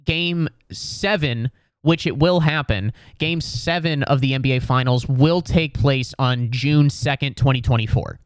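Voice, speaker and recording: A man's voice: mid-range voice, unhurried, clear, resonant tone, no echo. Man of 30, podcast host, sarcastic profane rant, dry close sound. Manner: profane, sarcastic, mocking put-on voices. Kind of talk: solo comedic sports rant.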